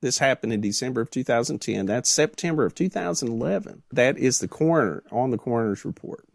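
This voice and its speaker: A man's voice: mid-range voice, expressive, fast, vocal fry, dry recording. Man reading case reports on a podcast. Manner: dry, joking asides between read passages. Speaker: podcast co-host. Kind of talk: casual chat, reading case reports aloud.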